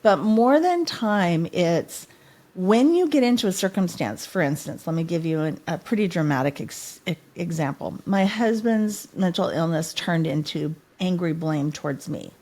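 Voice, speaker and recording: A middle-aged woman talks as a podcast guest with earnest, heartfelt storytelling. Her voice sits a bit low for a woman. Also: animated, moderate pace, dark tone. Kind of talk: podcast interview.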